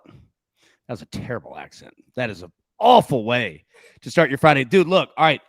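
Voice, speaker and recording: A man hosting a sports betting show, talking in a casual, animated, joking way. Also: medium pitch, moderate pace, creaky, no room sound.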